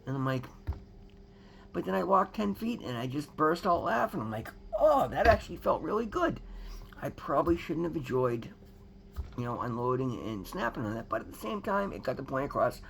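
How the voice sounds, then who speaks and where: A man's voice: mid-range voice, animated, fairly quick, vocal fry, a bit bright, slight background noise. A man giving an earnest, rambling personal testimony to his viewers, emphatic and calling them guys. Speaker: recovery vlogger.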